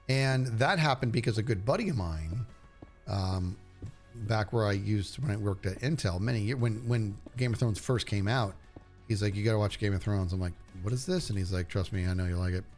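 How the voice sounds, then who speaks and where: A man's voice: mid-range voice, darkish tone. A middle-aged man chatting casually with his stream viewers, rambling and stopping himself mid-sentence as he talks about shows he loves. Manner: rambling, self-interrupting, enthusiastic about shows. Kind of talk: casual livestream chat.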